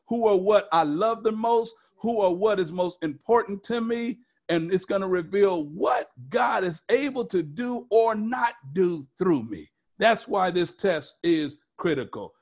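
High-voiced man preaching emphatically. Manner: repetitive, emphatic preaching with call-and-response questions. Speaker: pastor. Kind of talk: sermon.

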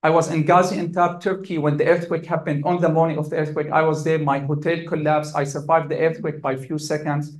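Man, high-pitched voice, physician at a talk, emotional, halting delivery. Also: level tone. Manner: emotional, halting, with repeated restarts. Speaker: physician speaker. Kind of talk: personal account at a public talk.

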